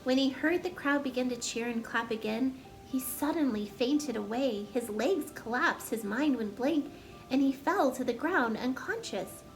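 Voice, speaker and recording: A woman storyteller reading a children's chapter book aloud with gentle, expressive narration. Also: high voice, a little slow, soft background music.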